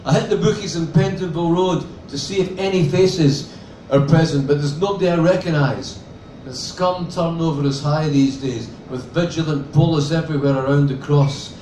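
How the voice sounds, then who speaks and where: A man's voice: a little high, normal speed, mellow, a little hiss or hum. A man reading his novel aloud in a dry, sardonic first-person voice. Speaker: author reading. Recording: roomy sound from a distant mic with faint ambience.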